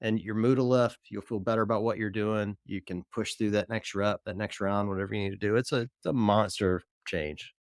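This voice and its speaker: A man hosting a podcast tells a gym story in a lowish voice. He gets animated and acts out the lines he shouted. The sound is close and dry. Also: a little fast, few pauses, no echo. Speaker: podcast host. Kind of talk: casual podcast chat, storytelling.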